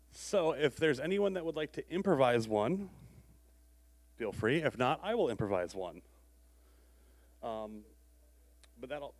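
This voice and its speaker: A man running a conference session, making relaxed, offhand announcements from the stage. His voice sits slightly high, easy and unhurried. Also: dry recording.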